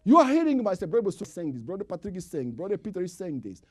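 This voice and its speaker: Male preacher, high husky voice, sermon delivery, dramatic swings between shouting and whispering. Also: huge pitch swings, rapid-fire. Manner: swings from loud emphatic calls to hushed whispers; non-native English phrasing, repeats for emphasis.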